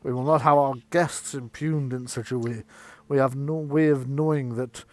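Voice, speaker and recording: A man's voice: steady tone, dry recording, lightly acted. A man playing a commanding master wizard. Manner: firm, commanding, low and measured. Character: authoritative older male master wizard.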